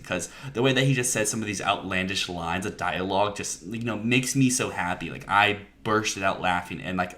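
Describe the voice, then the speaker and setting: A man's voice: deep voice, pushed and bright. A man, a podcast guest, talking enthusiastically about films in a casual discussion and laughing often.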